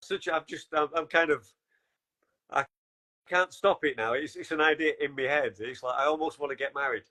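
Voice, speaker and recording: A man's voice: on the high side, moderate pace, sharp tone. A man hosting a podcast, asking questions hesitantly with lots of fillers and laughter. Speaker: podcast host. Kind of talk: casual podcast chat.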